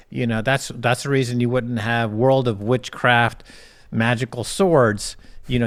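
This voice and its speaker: A man sits in as an interview guest and lays out his points in a steady, explanatory way. His voice is smooth and clear, and his pitch sits in an everyday middle range. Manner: explanatory, lecturing. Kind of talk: casual interview talk.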